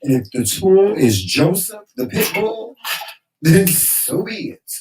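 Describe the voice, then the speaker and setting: A man's voice: sits high, big pitch swings, slow, a little mellow, slight background noise. A man co-hosting a casual chat show, talking in a chatty, sassy and preachy way. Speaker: co-host. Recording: roomy, distant from the mic.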